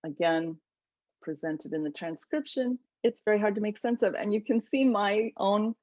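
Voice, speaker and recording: A woman author gives an animated, enthusiastic webinar lecture about her book over a video call. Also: mid-range voice, moderate pace, no room sound. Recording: dull lo-fi webinar audio.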